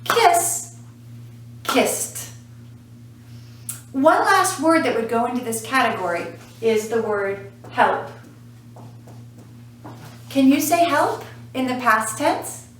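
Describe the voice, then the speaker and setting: A woman's voice: high voice, very animated, takes it slowly, pauses often, slight background noise. A woman teaching English pronunciation in a lesson, speaking patiently and repeating each sound to model it. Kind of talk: classroom lesson to camera. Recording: echoey room, voice from a distance.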